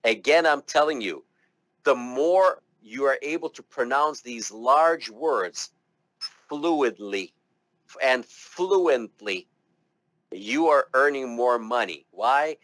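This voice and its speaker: A male medical terminology instructor lectures to a classroom, chatty and encouraging as he coaxes students to sound out words. His voice sits at an ordinary middle pitch and is recorded dry and close. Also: lively intonation, slow pace, fairly bright tone, dry recording.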